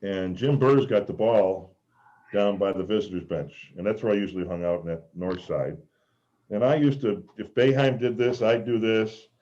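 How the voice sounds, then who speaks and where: A man with a low, mellow voice tells rambling stories on a video call, often stopping to act out the lines he once shouted. His talk is loose and animated. The sound is dull and lo-fi, like call audio. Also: normal speed. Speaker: former college mascot guest. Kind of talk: casual storytelling on a video call.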